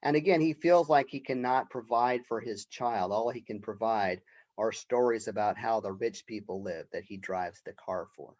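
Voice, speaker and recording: A man's voice: lowish voice, normal speed, a little mellow, highs cut off. A male college professor giving a recorded literature lecture in a conversational way, often checking in with "right?".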